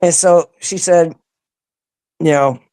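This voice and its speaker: A woman telling a personal story as an interview guest, animated, acting out other people's lines and laughing often. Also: low-pitched, slow pace, clear, resonant tone. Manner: animated, acts out quoted voices, laughs often. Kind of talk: casual storytelling.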